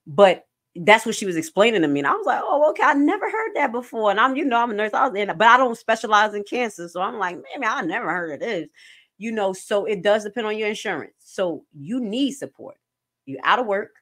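Animated woman streamer, low voice. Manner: animated, jumps to loud bursts. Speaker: commentary streamer; nurse. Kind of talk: casual commentary.

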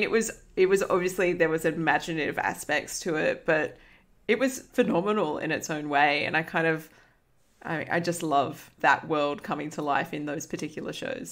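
A woman's voice: low-pitched, moderate pace, fairly bright tone. An Australian woman historian, a podcast guest, chatting with enthusiasm and easy laughter. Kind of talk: casual chat.

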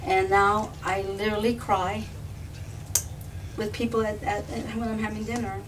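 A woman telling a personal story on a live panel, animated and often laughing, with restarts and repetitions. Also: mid-range voice, normal speed, over music. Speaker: filmmaker and activist guest. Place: live event room with an audience. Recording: distant mic with background noise.

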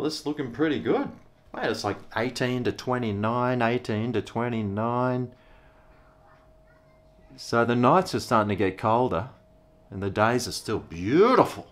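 A man's voice: fairly low pitch, a bit bright. A middle-aged Australian man, a vlogger, rambling in a laid-back, slangy way while he tastes and reviews a beer. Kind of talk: casual beer review vlog.

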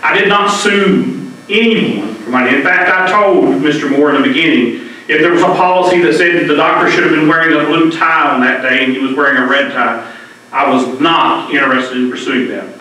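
A man's voice: on the high side, a little fast, pushed and bright. A middle-aged man giving an emotional, impassioned speech at a public debate in a library meeting room, often repeating words as he presses his point. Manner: emotional, earnest, repeats words when stirred. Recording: very echoey hall, mic far off.

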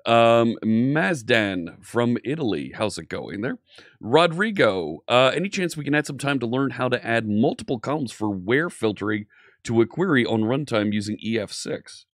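A man's voice: mid-range voice, lively intonation, moderate pace, no room sound, studio quality. An upbeat man hosting a live coding stream, chatting casually and greeting viewers by name.

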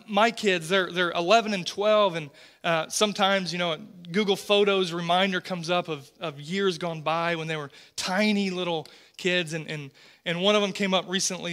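Pastor guy preaching, high bright voice, earnest, stumbles over words a lot. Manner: earnest, animated storytelling with frequent repeated words. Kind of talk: sermon.

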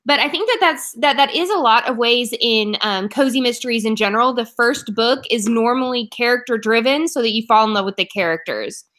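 A chatty woman from Oklahoma talks books on a live stream and answers viewers as she goes. Her voice is bright and a little high. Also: fairly quick, hardly any pauses. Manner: chatty, reacts to viewer comments. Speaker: book club co-host. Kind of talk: casual live-stream chat.

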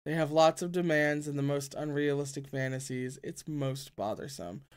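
A drunk, gruff older sect leader slurs out dismissive complaints, as a reader puts him on. The voice sits at a middling pitch and stays close to the reader's own. It is read as a character in a novel. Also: steady tone, normal speed, lightly acted. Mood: slurring. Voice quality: gruff, slurred. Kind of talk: audiobook-style fan reading.

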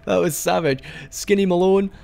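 A man's voice: sits high, normal speed, gravelly, a little mellow. A man giving casual, rambling let's-play commentary as he plays, joking and often restarting his sentences. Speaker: gaming video host.

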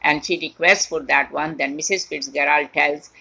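A woman's voice: low voice, fairly even intonation, normal speed, vocal fry, pushed and bright. A woman teacher explaining a play to her class line by line, repeating and rephrasing as she goes. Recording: dull lo-fi recording.

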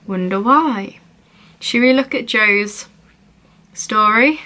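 A woman's voice: fairly high pitch, slow pace, bright, forceful tone. A young woman vlogging as she plays a phone game, reading messages aloud in a playful, giggly way.

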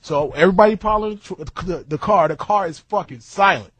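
A man's voice: high-pitched, fairly quick, a bit bright, breathy edge, no room sound. A man telling a long story in casual chat, rambling with frequent asides and restarts.

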